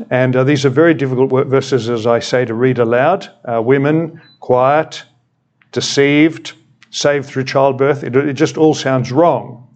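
A man's voice: mid-range voice, darkish tone, dull audio. An Australian man in his sixties preaching a sermon in a conversational way, with wry humorous asides. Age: 60s. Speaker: retired senior minister, preacher.

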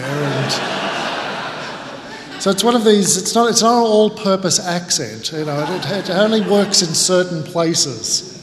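A man's voice: sits high, animated, measured pace, noisy background. Australian male guest preacher, conversational storyteller, big reverberant chapel. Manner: chatty, self-deprecating, many restarts. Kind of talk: sermon with casual storytelling. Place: large chapel hall. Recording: chapel sermon with long hall reverb.

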